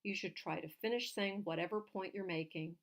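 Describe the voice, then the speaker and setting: A woman, a legal writing instructor, giving clear, direct numbered tips on oral argument. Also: lowish voice, brisk.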